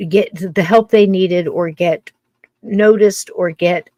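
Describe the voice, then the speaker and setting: A woman's voice: fairly low pitch, fairly even intonation, takes it slowly, mellow, no echo. An older woman hosting a podcast, musing in a casual, rambling monologue full of restarts. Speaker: podcast host.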